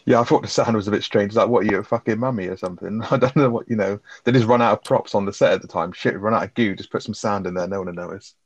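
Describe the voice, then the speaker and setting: A man's voice: on the low side, steady tone, fast talker, hardly any pauses, no room sound, highs cut off. A man talking casually about a film on a podcast, swearing often and laughing as he talks. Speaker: podcast co-host.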